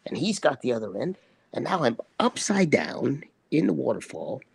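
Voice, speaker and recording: A man with a gravelly, husky voice recounts a story from a set, animated and acting out what people said. The sound is dry and close, with no room echo. His pitch sits in the middle range for a man. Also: normal speed. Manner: animated storyteller, acts out quotes. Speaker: actor guest. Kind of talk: anecdote telling in conversation.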